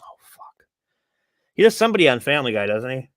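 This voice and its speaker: A man's voice: mid-range voice, big pitch swings, a little fast, a bit bright, clean tone, no echo. A man hosting a podcast, chatting casually with blunt, crude jokes. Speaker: podcast host.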